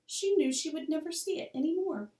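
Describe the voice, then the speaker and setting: Woman teacher reading a children's novel aloud, expressive, distant mic, echoey classroom. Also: high voice, brisk. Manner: expressive, storytelling cadence. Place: school room.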